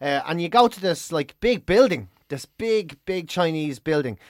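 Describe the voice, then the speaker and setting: A man with a Dublin accent, co-hosting a podcast, chatting casually and telling animated stories with plenty of swearing. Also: on the high side, moderate pace, dry recording, clean studio sound. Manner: animated storyteller, swears freely. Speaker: podcast co-host. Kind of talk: casual chat.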